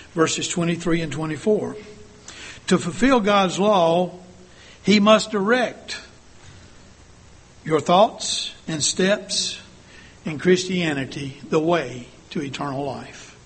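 A man's voice: a little high, takes it slowly, long pauses, husky. An older man delivering an earnest sermon, asking the congregation many rhetorical questions. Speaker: church speaker.

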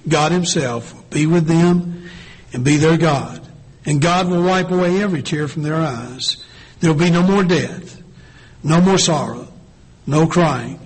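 Male pastor, husky slightly raised voice, slow measured sermon delivery. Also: fairly high pitch, rough recording. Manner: slow, deliberate preaching with drawn-out pauses.

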